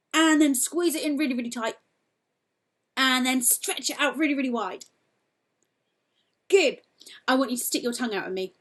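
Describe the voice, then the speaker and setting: Encouraging woman singing teacher. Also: on the high side. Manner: cheerful, encouraging, demonstrates vocal exercises. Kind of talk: children's singing warm-up lesson.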